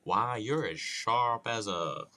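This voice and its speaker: A man's voice: fairly low pitch, slow pace, sharp tone, full character voice. A man putting on a put-on Southern US accent to voice a boastful cartoon rooster, drawling mocking insults. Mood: teasing. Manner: drawling insults ending in "boy".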